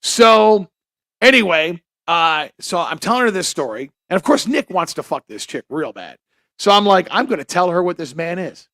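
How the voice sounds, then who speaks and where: A man's voice: high voice, big pitch swings, moderate pace, fairly bright tone, no room sound, studio quality. A man telling crude, rambling stories on a podcast, often laughing at himself. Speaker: podcast co-host. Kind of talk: casual chat.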